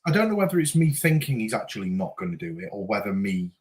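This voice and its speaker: A man's voice: on the low side, sing-song, fast talker, darkish tone. A man co-hosting a casual football chat podcast, laughing often and stammering as he starts sentences. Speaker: podcast co-host.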